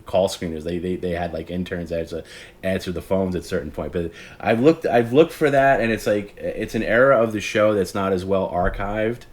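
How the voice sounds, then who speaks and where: A man's voice: deep voice, moderate pace. A man in his forties, the host of a late-night stream, telling rambling stories in casual chat and acting out the callers he remembers. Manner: rambling, self-interrupting storyteller who acts out quoted callers.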